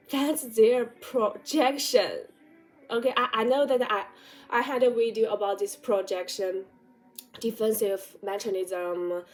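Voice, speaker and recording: A woman's voice: medium pitch, a little mellow. A woman vlogger gives direct motivational advice, asking repeated rhetorical questions in non-native English phrasing. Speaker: vlogger giving life advice. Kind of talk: motivational talk to camera.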